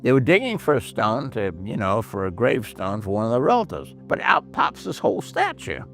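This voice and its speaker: A man's voice: medium pitch, wildly swooping pitch, a little fast, fairly bright tone, faint music behind. A man hosting a Bible history talk, telling stories emphatically and acting out the voices of the people he quotes. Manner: emphatic storyteller who acts out quoted voices. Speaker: host.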